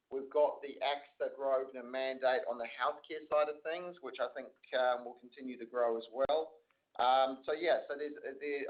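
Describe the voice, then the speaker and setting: A male company executive answering analyst questions on an earnings call, in loose, filler-heavy talk. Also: medium pitch. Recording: phone-line audio.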